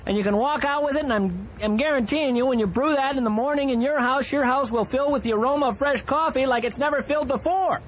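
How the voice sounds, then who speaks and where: Ranting high-voiced radio host, AM broadcast. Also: male voice, quick pace, hardly any pauses. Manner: rambling, mock-ranting, bursts of loud excitement. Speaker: radio talk show host. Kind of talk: improvised comic live-read radio ad. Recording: slightly dull AM radio broadcast with faint hiss.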